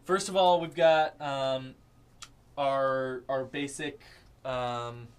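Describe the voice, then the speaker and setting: A man's voice: medium pitch, fairly even intonation, very slow, clean tone. A man co-hosting a casual group chat in a studio, eagerly reading silly poems aloud. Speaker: podcast co-host.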